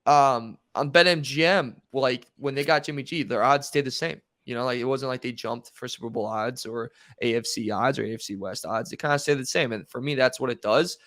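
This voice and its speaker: A man's voice: mid-range voice, normal speed, few pauses, fairly bright tone, no echo, clean studio sound. A man co-hosting a sports podcast, talking football in a laid-back, casual way with everyday comparisons. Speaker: podcast co-host.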